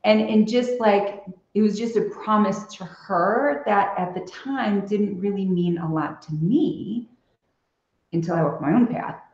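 A woman's voice: medium pitch, unhurried, a little mellow, reverberant, highs cut off. A woman guest on a podcast, telling personal stories in a reflective, casual way with many fillers. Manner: reflective storytelling with frequent fillers. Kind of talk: casual conversational interview.

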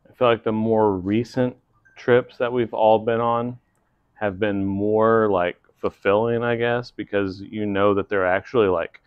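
A man's voice: fairly low pitch, fairly even intonation, unhurried, clear, resonant tone, dry recording, narrow, tinny audio. A middle-aged man co-hosting a homestead channel, chatting casually and laughing easily in an interview with his wife.

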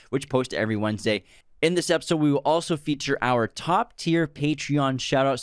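A man in casual podcast chat, teasing his co-host and laughing easily. His voice sits in a middle pitch. The sound is dry and close, with no room around it. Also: no room sound. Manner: joking, laughs often.

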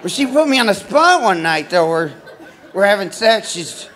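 Male stand-up comic, slightly high voice, rambling self-deprecating delivery, live club recording with faint noise. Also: sing-song, normal speed, fairly bright tone, a faint crowd. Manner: rambling, self-deprecating, lots of fillers and restarts. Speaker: stand-up comedian. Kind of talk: stand-up comedy set. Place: comedy club stage.

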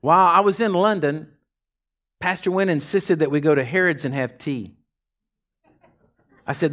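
A pastor preaching a sermon, telling folksy stories in a casual drawl and swinging from hushed asides to fired-up shouts. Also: male voice, a little high, animated, moderate pace, pauses often.

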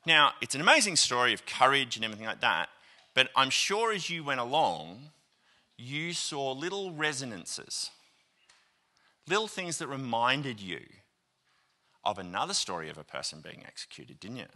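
Animated Australian man preaching. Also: medium pitch, moderate pace. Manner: animated, acts out quoted voices, many fillers. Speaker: pastor. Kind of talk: storytelling sermon. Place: church auditorium.

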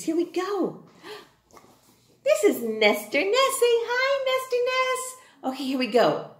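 A woman's voice: sits high, echoey room. A woman teaching an online reading and phonics lesson to young children, cheerful and sing-song, exaggerating every word for small kids. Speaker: kindergarten teacher.

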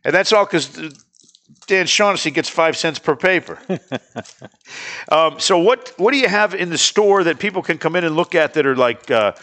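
A man hosting a casual chat, jokey and animated, laughing often. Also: fairly high pitch, moderate pace. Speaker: radio show host.

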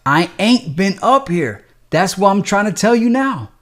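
A man's voice: mid-range voice, unhurried, lightly acted. A man voicing a groggy, broke ex-convict who argues in street slang. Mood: pleading. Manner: street slang, defensive, cursing. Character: groggy broke ex-con man, quick-tempered.

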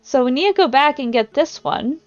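A woman's voice: sits high, expressive, normal speed, dry recording. A woman streaming a game, commenting wryly and reading her dialogue choices aloud. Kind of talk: gameplay commentary. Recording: slightly dull recording with game music.

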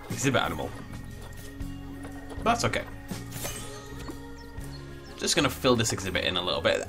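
A man's voice: on the low side, fairly bright tone. A man giving casual, playful commentary while he plays a video game, full of jokey asides. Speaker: let's play host.

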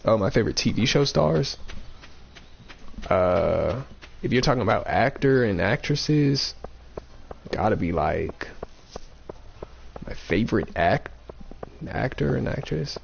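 A man's voice: fairly low pitch, animated, slow, creaky, long pauses, slight background noise. A man giving casual, playful let's-play commentary, thinking aloud and repeating himself, with a dull lo-fi mic and faint game music. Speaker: gaming streamer.

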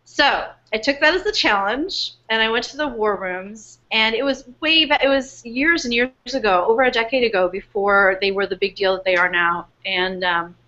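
Earnest, higher-voiced woman author. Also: moderate pace, hardly any pauses, dull audio. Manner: earnest, animated, with many fillers and restarts. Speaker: author being interviewed. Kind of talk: casual storytelling interview. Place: home in New York, remote webcast.

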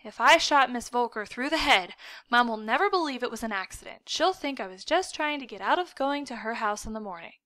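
A woman's voice: fairly high pitch, animated, fairly quick, sharp tone, no echo. A woman voicing a frightened, dramatic young boy who wails and pleads in a storybook reading. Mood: worried. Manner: wailing, breathless, pleading.

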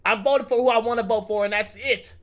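A man's voice: sits high, steady tone, fast, a bit bright. A young man streaming, reacting to a video in slangy, profane casual talk. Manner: slangy and profane, says bro a lot.

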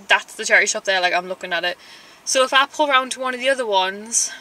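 A woman's voice: fairly high pitch, sharp tone, slight background noise, poor audio. A young woman chatting casually in a vlog, ranting in an exasperated way and saying "like" often. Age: young adult. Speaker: vlogger.

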